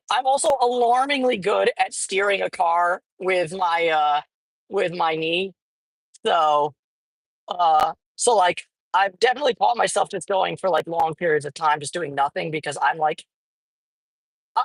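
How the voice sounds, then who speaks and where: A woman with a lowish voice and vocal fry vlogs casually while driving, speaking at a measured pace inside her car. She rambles with many fillers and swears now and then, and the recording is dry and low-quality.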